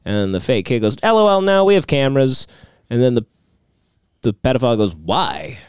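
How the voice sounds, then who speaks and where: A man hosting a comedy podcast, reading chat logs aloud in a deadpan way and often breaking into laughter. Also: medium pitch, normal speed, clean tone, dry recording. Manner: deadpan narration broken by laughter. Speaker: podcast host.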